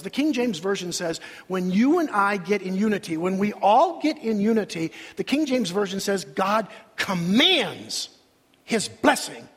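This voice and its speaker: Older male pastor, sermon, lively swooping pitch, drawn-out dramatic pauses. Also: slightly rough. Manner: dramatic preaching with long pauses and sudden rises. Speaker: senior pastor. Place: church sanctuary. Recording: reverberant church hall.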